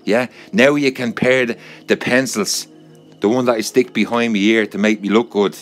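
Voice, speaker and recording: A man's voice: lowish voice, steady tone, moderate pace, soft background music, pitched above the performer's own voice, lightly acted. An Irish man voicing a pompous cigar-smoking male boss in a put-on Texas accent, bossy and blustering. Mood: patronizing.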